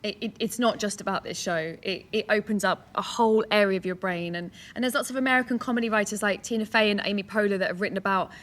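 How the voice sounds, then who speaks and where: A woman on a live post-show panel on a theatre stage, who talks in an animated way and is quick to jump in with explanations. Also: mid-range voice.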